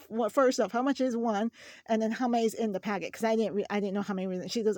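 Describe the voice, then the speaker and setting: Hosting a craft channel, this woman talks fast in a fairly high yet dark-toned voice, chatting through a shopping haul and telling stories full of restarts. The recording is clean studio sound with no room sound.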